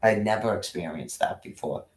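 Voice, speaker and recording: A man's voice: on the low side, normal speed. Angry, swearing man in an echoey room. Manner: angry, profane, rambling with restarts. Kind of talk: casual rant. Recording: roomy echo.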